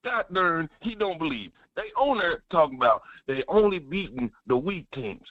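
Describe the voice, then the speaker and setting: A man calling into a sports radio show, talking fast and fired up, with lots of repetition and cussing. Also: a little high, no room sound. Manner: animated, swears, preachy repetition. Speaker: caller. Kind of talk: excited sports call-in. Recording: muffled phone line.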